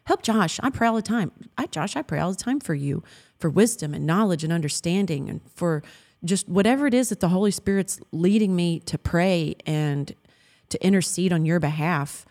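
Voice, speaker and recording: In a heartfelt Christian marriage conversation, this thirtysomething co-host quotes scripture, laughs frequently, and speaks with earnest affection. Her lowish voice is a little mellow and expressive, at normal speed.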